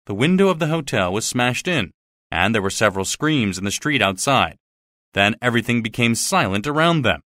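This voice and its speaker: A man narrates a graded reader storybook with a lively, expressive delivery. His pitch moves a lot, and his tone is bright and crisp. The recording is dry and close, made in a studio. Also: a little fast, no echo. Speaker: audiobook narrator.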